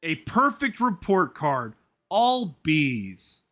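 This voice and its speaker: A man's voice: a little high, sing-song, very slow, fairly bright tone, faint music behind, heavily acted. A man doing a proud dad bee. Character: proud middle-aged father bee. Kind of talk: amateur script reading on a livestream.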